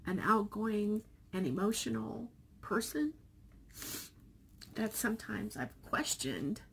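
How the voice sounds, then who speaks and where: Speaking slowly in a creaky, medium-pitched voice, a middle-aged woman relates a family story on her personal vlog. She's chatty and emotional, performing the dialogue with animated voices. A little hiss or hum sits under the audio.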